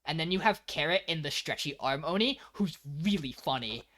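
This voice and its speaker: Brief: man, podcast co-host, punchy and bright, retells anime plots with animated, profane energy. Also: fairly high pitch, normal speed. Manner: animated storyteller, frequent swearing. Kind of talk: casual anime recap chat.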